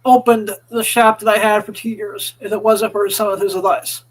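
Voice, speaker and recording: A middle-aged man with a strikingly high-pitched speaking voice. He co-hosts a casual podcast chat in a friendly way, often stammering and repeating words as he begins a thought. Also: little pitch movement, moderate pace, poor audio. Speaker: podcast co-host.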